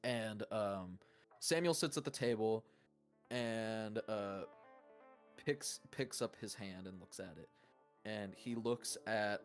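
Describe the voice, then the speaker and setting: A young man narrating as game master, rambling loosely with lots of fillers and swearing. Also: fairly low pitch.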